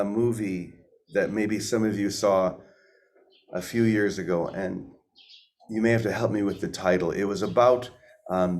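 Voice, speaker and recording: A man's voice: on the low side, a little mellow. A man hosting an informal spiritual talk in a conversational way. He asks his listeners questions and often repeats words as he thinks aloud. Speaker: spiritual teacher and host.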